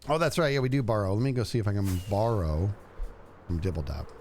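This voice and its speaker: A man streaming a game and chatting casually, animated and jokey, talking to himself as he plays. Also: lowish voice, quick pace, faint music behind. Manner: animated, jokey, talks to himself while playing. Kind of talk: casual gameplay commentary.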